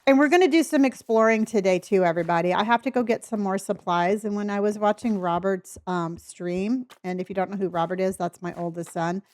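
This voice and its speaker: A woman's voice: medium pitch, fairly quick, hardly any pauses, a little mellow, no room sound. An older woman streaming a building game, chatting with her viewers and thinking aloud as she works. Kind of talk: casual live-stream chat while building.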